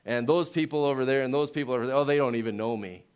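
A male pastor preaching a sermon, dropping to slow hushed lines and building to loud rising peaks. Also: mid-range voice, smooth. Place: church.

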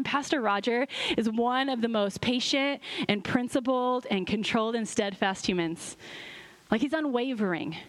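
Woman pastor, middle-aged, slightly high voice, lively conversational sermon delivery. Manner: bubbly, animated, full of laughs and voice-acted quotes.

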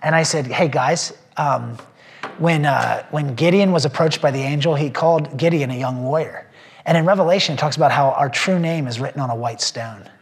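A man's voice: fairly high pitch, fairly quick. A man, a pastor, sharing a personal testimony with a small group, earnest and rambling with many fillers and restarts, emotional at times. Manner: emotional when telling faith stories.

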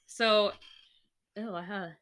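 A woman's voice: medium pitch, steady tone, slow pace, a bit bright. A young woman co-hosting a podcast, telling stories animatedly in casual chat and swearing freely. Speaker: podcast co-host.

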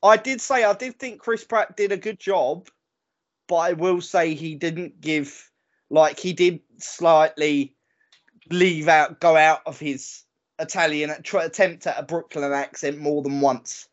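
A man co-hosting a gaming podcast, chatty and quick to reel off figures. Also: a little high, steady tone. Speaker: podcast co-host. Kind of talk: casual chat. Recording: dull lo-fi audio.

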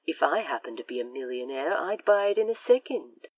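A woman voicing a gentle, affectionate man who speaks softly and coaxingly, at times in a whisper, in a fan audio drama. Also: low voice, expressive, fairly quick, no room sound, far from the mic, lo-fi sound. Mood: cheerful. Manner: soft, tender, sometimes whispered.

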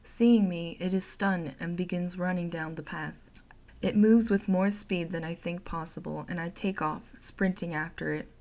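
A woman narrating a first-person horror story in an expressive, dramatic way. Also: on the low side, normal speed.

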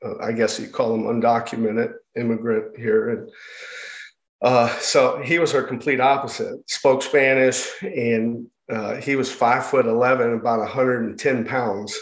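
Man, mid-pitched, halting testimony full of pauses and restarts, roomy room sound. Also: fairly even intonation. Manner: halting, with many restarts and fillers. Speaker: speaker sharing his life story. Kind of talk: personal testimony. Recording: roomy echo.

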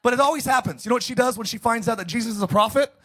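A pastor preaching a sermon, joking and calling on the congregation to repeat phrases after him. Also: male voice, very high voice, racing, a bit bright. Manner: jokey, calls for congregation responses.

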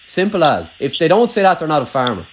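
Young man, rural Irish accent, fairly high voice, casual rambling chat, swears a lot. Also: sing-song, fast talker, a little hiss or hum. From Ireland. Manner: swears freely, rambling with many "like"s.

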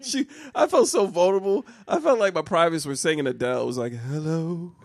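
Animated, laughing man telling a story. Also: sits high, fast, creaky. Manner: animated, laughs a lot, restarts while telling stories. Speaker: podcast co-host. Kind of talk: comedic storytelling chat.

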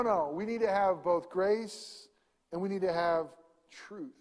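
A man preaching a sermon, swinging from loud emphasis to hushed near-whispers. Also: sits high, lively intonation, measured pace, big-room sound. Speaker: pastor.

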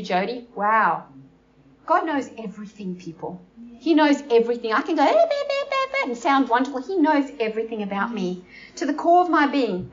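A woman teaching the Bible informally to a small group indoors, animated and acting out the characters. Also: fairly high pitch, dull audio. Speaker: preacher.

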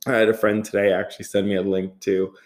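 A man in his thirties with a fairly low voice hosts a podcast solo. He rambles through a casual story, full of "like", swearing and laughing along the way. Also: flat delivery, fast, a little mellow. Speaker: podcast host.

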